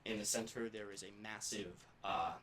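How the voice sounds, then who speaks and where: A man with a low voice narrates a tabletop role-playing game as game master, painting each scene quickly. He sounds like he is in an echoey room. Steady background noise runs behind him.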